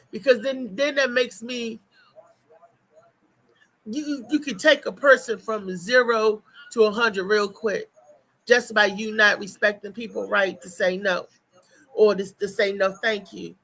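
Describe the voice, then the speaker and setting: Bright-voiced woman hosting a morning show. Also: on the high side, measured pace, poor audio. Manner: emphatic and repetitive, talks straight to listeners; blunt, swears freely. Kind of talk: casual talk-show monologue.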